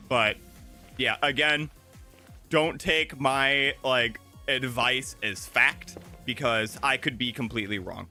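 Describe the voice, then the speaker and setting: A man's voice: medium pitch, slow pace. Rambling young man with slight lisp. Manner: rambling, chatty, with frequent fillers and self-corrections. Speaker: gaming streamer. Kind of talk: casual gameplay commentary. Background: soft game music.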